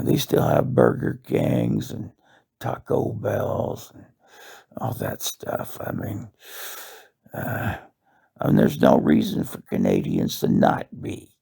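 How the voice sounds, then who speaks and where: A man's voice: very deep voice, creaky, a little mellow, breathy edge. A man delivering a rambling comic monologue, meandering and profane, with many fillers. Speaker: monologue host.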